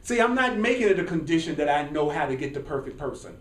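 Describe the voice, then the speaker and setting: A man's voice: fairly high pitch, very animated, fast talker. A man teaching a spiritual class to a group, emphatic and preacherly, repeating phrases for stress. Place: classroom with a small audience. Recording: echoey room, mic at a distance, faint hiss.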